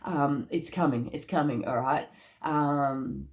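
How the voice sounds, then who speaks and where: Woman, tarot reader, lowish voice, chatty, excitable, slangy delivery. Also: slow. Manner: bursts into laughter and excitement. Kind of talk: casual spoken card reading.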